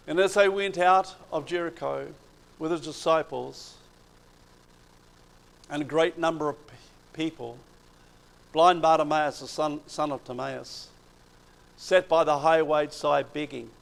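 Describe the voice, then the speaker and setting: A man preaching a sermon, retelling Bible stories with animated emphasis and swings in loudness. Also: on the high side, measured pace, gravelly, pauses often, poor audio.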